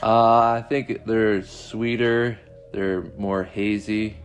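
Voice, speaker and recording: A man's voice: lowish voice, flat delivery, takes it slowly, soft background music. A man co-hosting a casual podcast in a laid-back, hesitant way with lots of fillers. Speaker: podcast co-host.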